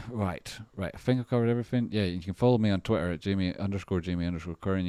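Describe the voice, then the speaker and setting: A low-voiced man hosts a casual livestream, swearing freely and rambling as he jumps from one thing to the next. The sound is close and dry, with no room echo. His talk is loose and excitable. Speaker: livestream host.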